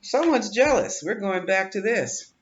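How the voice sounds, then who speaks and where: A man's high-sitting voice, lively in intonation and a little slow, guides a tarot reading with a reassuring, coaching, chatty manner, often repeating words and laughing. Background noise is present, and the dull lo-fi audio has faint room ambience.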